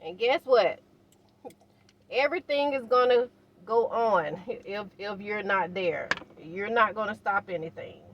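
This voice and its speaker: An older woman talking casually to her viewers while cooking in her van, unhurried and encouraging. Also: mid-range voice, highs cut off, noisy background. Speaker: van life vlogger. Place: inside a parked van.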